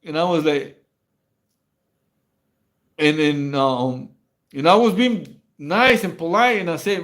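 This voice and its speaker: Man, high-pitched, rambling and stammering, casual livestream storytelling. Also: a little slow, pauses often, a bit bright. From Mexico. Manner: rambling, stammering slang-heavy storytelling with frequent laughs. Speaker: livestream host. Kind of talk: casual prison stories on a livestream.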